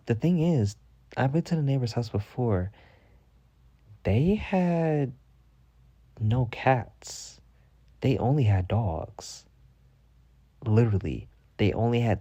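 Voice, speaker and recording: A man hosting a podcast, telling a casual story full of swearing, jumping to a high voice when he quotes himself. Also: dry recording. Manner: profane, animated, jumps to a high voice when quoting himself. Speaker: podcast host.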